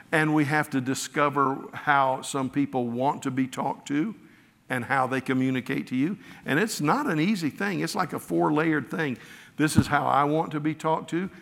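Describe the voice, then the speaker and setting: A pastor preaches a sermon in a higher-pitched, fairly bright voice, telling self-deprecating stories about himself and restarting often. Long hall reverb surrounds the recording.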